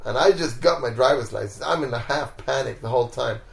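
A man's voice: medium pitch, fairly quick, vocal fry, roomy sound. A man from Sweden, a street performer, telling stories in a casual interview at home, laughing often and acting out the people in them. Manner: laid-back, laughs often, acts out people in his stories. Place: home, indoors.

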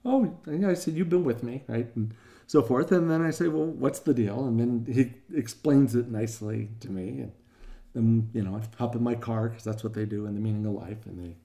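An older man teaches a class with a mellow, warm voice. He rambles casually through stories, full of fillers, and slips into quoted voices. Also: medium pitch, fairly quick.

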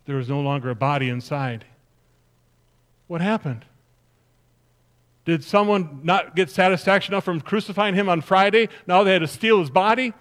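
A man's voice: high-pitched, normal speed, pauses often, fairly bright tone. A male pastor preaching in the first person as an earnest woman disciple, telling her story emphatically to the congregation. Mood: sorrowful. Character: grieving then joyful woman disciple, earnest. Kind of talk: first-person dramatic sermon monologue.

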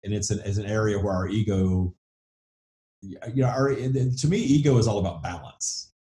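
A man's voice: fairly low pitch, fairly quick, dark tone, roomy sound. A man with a Southern US accent hosting a spiritual podcast, talking casually and repeating words as he thinks aloud. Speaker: podcast host.

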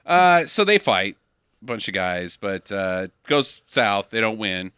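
Brief: bright, lively male podcast co-host, wry plot recaps, dry close mic. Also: lowish voice, unhurried, smooth, no room sound. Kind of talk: casual movie-recap chat.

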